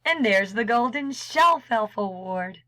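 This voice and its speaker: A woman librarian reading a storybook aloud to children, expressive and unhurried, dropping into soft whispers now and then. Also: on the high side, no room sound, rough recording.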